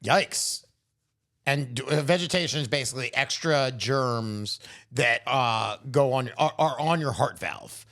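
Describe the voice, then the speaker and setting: A man's voice: medium pitch, a little slow, a bit bright. A man co-hosting a podcast, chatting in a wry, jokey way and explaining things plainly. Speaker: podcast co-host. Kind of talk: casual conversational chat.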